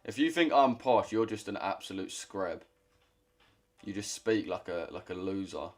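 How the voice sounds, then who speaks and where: A young man with a London accent talks casually to his livestream chat, blunt and full of slang. His voice sits a little low, and he swears freely as he answers viewers. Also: moderate pace. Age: 20s. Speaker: trading streamer.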